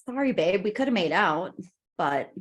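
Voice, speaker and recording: A woman's voice: medium pitch, expressive, moderate pace. A woman playing a tabletop role-playing game, casual, playful and joking. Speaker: player.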